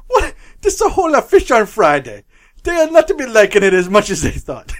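A man's voice: high voice, huge pitch swings, moderate pace. A man voicing a fretful old Italian Pope in a put-on exaggerated Italian accent, pleading in broken English.

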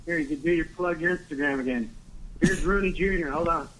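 A man calling in to a radio show, relaxed and telling jokes. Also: on the high side, brisk, poor audio. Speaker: caller. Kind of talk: casual chat.

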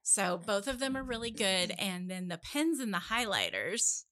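Bright, keen woman co-host chatting casually. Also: mid-range voice, sing-song, normal speed. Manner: enthusiastic, chatty. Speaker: podcast co-host and book club member. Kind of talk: casual chat.

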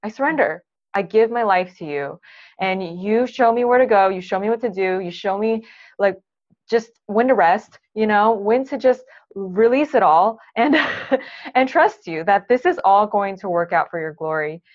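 A woman's voice: medium pitch, animated. A woman podcast host talking casually about faith, encouraging and full of fillers. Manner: encouraging, fast, filler-heavy. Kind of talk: casual chat. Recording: dull lo-fi sound.

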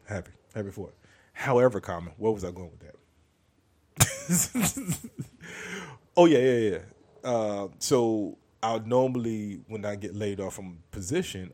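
A man with a lowish voice and darkish tone hosts his podcast in a casual monologue. The comedian rambles through a joking catch-up, acting out other people's voices.

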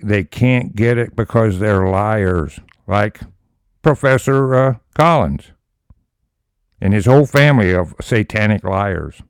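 A man leading a Bible study, reading scripture slowly and then breaking into emphatic commentary. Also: deep voice, clean tone, no room sound, studio quality.

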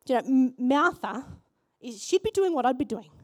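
A woman pastor preaching a sermon in church, animated and asking the congregation questions. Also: high-pitched, normal speed.

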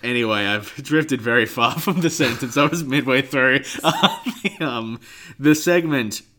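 Bright-voiced man chatting on a podcast. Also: mid-range voice, big pitch swings, measured pace, slight background noise. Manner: chatty, laughs often, playful impressions. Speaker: podcast co-host. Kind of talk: casual chat.

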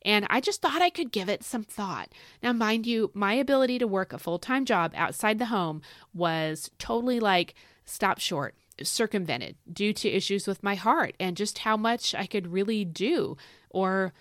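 A woman's voice: medium pitch, expressive, moderate pace, a bit bright, no room sound, studio quality. A woman hosting her own devotional podcast, talking in a rambling, earnest way and often correcting herself mid-sentence. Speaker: podcast host. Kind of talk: casual devotional podcast monologue.

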